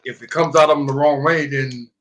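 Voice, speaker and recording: A man's voice: on the high side, crowd noise. A man hosting a casual podcast, telling stories animatedly and turning earnest when he consoles a friend. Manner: animated storyteller, bursts into loud laughter, turns slow and earnest when consoling. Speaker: podcast host. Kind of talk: casual chat.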